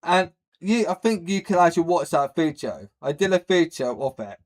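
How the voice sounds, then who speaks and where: A man's voice: fairly high pitch, expressive, normal speed, darkish tone. Rambling man reacting to a video. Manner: rambling, blunt, lots of fillers, says he has a speech problem. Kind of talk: casual reaction commentary.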